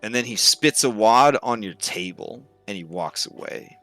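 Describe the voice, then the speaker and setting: Bright-voiced male game master. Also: lowish voice, normal speed, faint music behind. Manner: lively, descriptive narration. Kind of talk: narrating a tabletop game.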